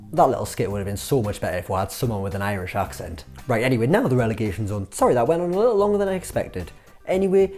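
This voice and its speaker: A young man runs a comic football commentary vlog, cheeky and sarcastic. His mellow voice swings up and down all over the place, with faint music underneath. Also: on the high side. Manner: cheeky, sarcastic, lively banter.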